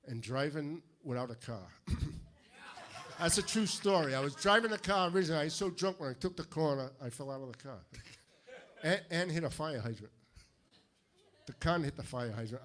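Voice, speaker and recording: An older man from Fall River with a New England accent, doing a stand-up routine of deadpan one-liners with punchy timing. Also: a little high. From Fall River, Massachusetts. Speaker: stand-up comedian. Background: audience laughter.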